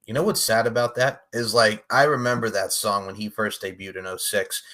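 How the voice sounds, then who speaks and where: A man co-hosting a wrestling podcast, with a bright, forward voice. He talks in a casual, animated way, swears freely and laughs often. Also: lowish voice, fairly quick. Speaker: podcast co-host.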